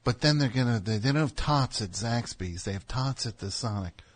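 A man's voice: medium pitch, expressive, moderate pace. A man hosting a call-in comedy show, rambling and teasing with stammered restarts. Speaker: radio show host. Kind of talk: casual comedic chat.

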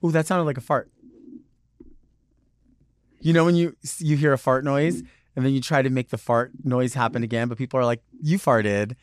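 A male podcast host delivers a loose solo monologue, rambling and digressing from one thought to the next with many fillers and plenty of "like"s. His voice sits at a middling pitch for a man, he speaks at normal speed and pauses often, and the recording sounds dry and close with no room echo.

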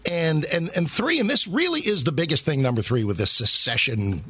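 A fired-up Texan man hosting talk radio, his pitch swinging wildly as he argues and cuts in. His voice is bright and a little husky, close and dry on the studio mic. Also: sing-song, brisk. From Texas. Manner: fired up, exasperated, interrupting. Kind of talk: heated radio debate.

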